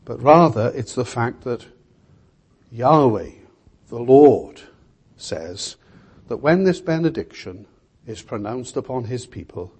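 A man's voice: mid-range voice, animated, slow pace, pauses often, a little mellow, husky. An older man preaching a sermon in an earnest, emphatic way, repeating key words.

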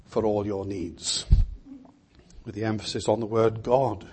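A man's voice: fairly low pitch, measured pace, slightly rough. An older man preaching a sermon in an earnest, emphatic way, repeating key words.

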